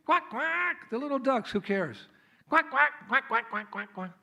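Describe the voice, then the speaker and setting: Noisy quacking ducklings, shrill squawks, greedy clamor, a man doing them. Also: expressive, measured pace, creaky, exaggerated voice. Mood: squawking. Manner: loud high squawking quacks.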